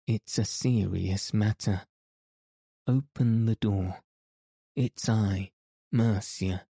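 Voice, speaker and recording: A man's voice: lowish voice, fairly even intonation, very slow, creaky, warm tone, slightly rough, no echo, studio quality, full character voice. A man voicing a breathless, alarmed male opera manager in an audiobook, speaking urgently.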